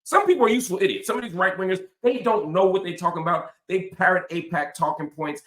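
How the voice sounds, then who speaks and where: A man's voice: a little high, bright, forceful tone. A man hosting a political commentary monologue, talking in emphatic, impassioned punches. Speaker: host.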